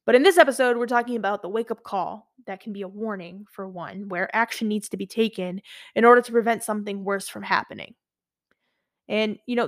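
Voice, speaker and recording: A woman of twenty-one hosting her own podcast, talking candidly and chattily about her own experiences, with plenty of fillers. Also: mid-range voice. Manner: candid, chatty, animated storytelling with many fillers. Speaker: podcast host. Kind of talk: solo podcast monologue.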